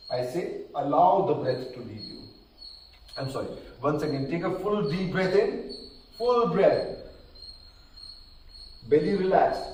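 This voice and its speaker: Man, yoga breathing instruction, calm counting, slightly winded, boomy hall reverb, faint background noise. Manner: calm, counting slowly, gently checking in. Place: large hall at a live session. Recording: very echoey hall, distant mic, faint noise.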